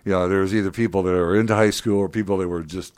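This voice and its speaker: A man's voice: low-pitched, steady tone, fast talker, darkish tone, dry recording, clean studio sound. A man hosting a podcast in casual chat, with a laid-back, chatty delivery. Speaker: podcast host.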